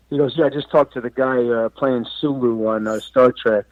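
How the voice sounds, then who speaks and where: Homem contador de histórias animado, som abafado. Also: male voice, medium pitch, fairly quick, no room sound. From New York and Florida. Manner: animated storyteller who acts out quoted lines loudly, swears freely. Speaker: guest, comedian and actor. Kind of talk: casual podcast storytelling. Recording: dull, dry sound.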